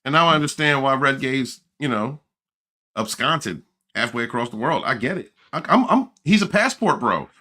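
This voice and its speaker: A man's voice: mid-range voice, animated, normal speed, pushed and bright. A middle-aged man hosting a casual livestream, joking, laughing and greeting viewers in the chat. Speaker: livestream host.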